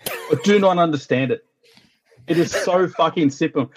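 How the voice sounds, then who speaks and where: A man's voice: on the high side, moderate pace, slightly rough. An Australian man ranting bluntly and swearing constantly as a guest on a casual podcast call.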